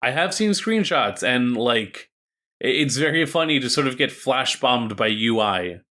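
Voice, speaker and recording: A man's voice: mid-range voice, expressive, a little slow, bright, forceful tone. A man co-hosting a casual gaming podcast, bantering with crude jokes. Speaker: podcast co-host. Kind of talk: casual gaming news chat.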